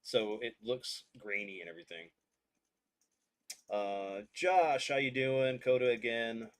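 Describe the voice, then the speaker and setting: Relaxed male host, mid-pitched, chatty streamer reading the chat. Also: slow pace. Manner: relaxed, greets chat, laughs often. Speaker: podcast host and game commentator. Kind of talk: casual chat and livestream commentary.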